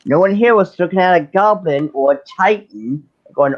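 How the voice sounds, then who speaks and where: A man hosting a casual livestream, ranting with heat and sarcasm and stumbling over restarts as he pushes his point. His voice sits a little higher than most men's. The stream audio is dull and muffled. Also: normal speed, few pauses. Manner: heated, sarcastic, with many restarts. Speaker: livestream host.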